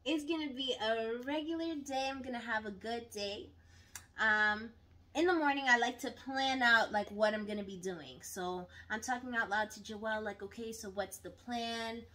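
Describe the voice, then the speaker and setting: A young adult woman telling a storytime to her viewers in casual chat, animated and dramatic, acting out her own quotes. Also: fairly high pitch, normal speed.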